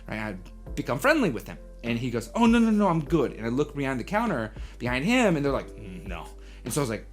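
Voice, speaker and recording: A young man hosting a casual live stream, telling an animated story and acting out the people in it, sometimes dropping to a hushed aside. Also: medium pitch. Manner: animated, acts out voices in his story, drops to hushed asides. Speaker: coffee livestream host.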